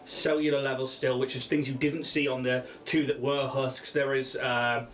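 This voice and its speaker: A man's voice: mid-range voice, little pitch movement, moderate pace, a bit bright. A man narrating a tabletop game as game master, rambling and often laughing.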